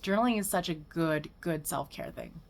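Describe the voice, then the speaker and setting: A woman's voice: low voice, moderate pace, a little mellow. A young woman vlogging casually about self-care, chatty and enthusiastic, with lots of fillers. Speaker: lifestyle vlogger. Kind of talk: casual self-help vlog.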